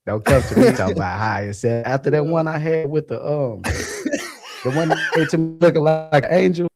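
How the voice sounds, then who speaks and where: A man's voice: a little high, a little fast, darkish tone, faint music behind. A man telling a story in a casual chat, laughing often and acting out dialogue in loose slang. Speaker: guest sharing experiences.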